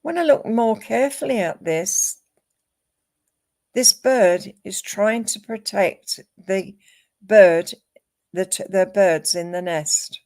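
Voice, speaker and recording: A woman giving a live psychic reading, calm and measured, listing names and images one at a time. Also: mid-range voice. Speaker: psychic medium.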